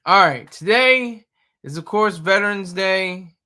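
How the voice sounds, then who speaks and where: A man's voice: high voice, measured pace, bright, forceful tone. A man in his thirties hosting a casual live stream, talking in a blunt, rambling and opinionated way. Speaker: streamer host.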